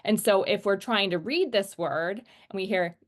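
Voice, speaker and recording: A woman teaching about word sounds, patiently explaining and slowly sounding out example words, often checking in with "right?". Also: medium pitch. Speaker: literacy teacher trainer. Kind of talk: instructional explanation.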